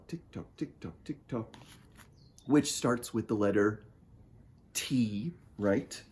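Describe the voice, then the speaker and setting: A man reading his picture book aloud at storytime, playful and talking straight to young listeners. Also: mid-range voice. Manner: playful, talks to young listeners and asks them to join in. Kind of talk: storytime read-aloud for children.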